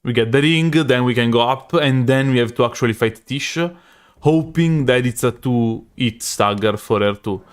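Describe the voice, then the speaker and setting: Young Italian male streamer, heavy Italian accent, mid-pitched and smooth, loose chatty live commentary. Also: moderate pace. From Italy. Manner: rambling, self-correcting, chatty with chat.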